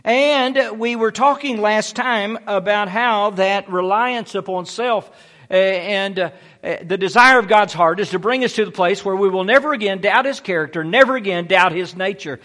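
High-voiced preacher man, emphatic. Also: moderate pace, bright, forceful tone. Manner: emphatic preaching with dramatic storytelling. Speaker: pastor. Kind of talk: sermon.

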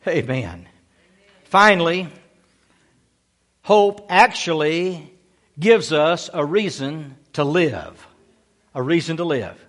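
A male pastor delivers a sermon at a slow, deliberate pace. His voice sits fairly high, and he stresses key phrases by repeating them with emphasis. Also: animated.

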